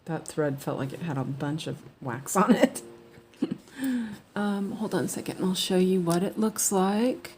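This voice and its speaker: A woman's voice: on the low side, a little slow, a little mellow, slight background noise. A woman chatting casually while she cross-stitches at home, rambling with lots of fillers and restarts. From United States.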